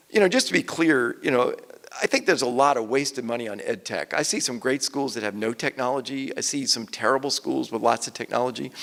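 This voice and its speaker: An older man, an author and guest speaker, telling stories on stage and quoting people in lively voices. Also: mid-range voice, creaky. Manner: animated storyteller, quotes people in lively voices. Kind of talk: conversational stage talk. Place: event hall with audience. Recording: long hall reverb.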